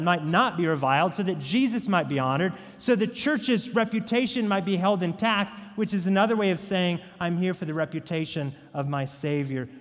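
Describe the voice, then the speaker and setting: A male pastor delivers a sermon with emphasis, often checking in with rhetorical questions. His voice sits on the high side for a man. It rings out with the long reverb of a church hall.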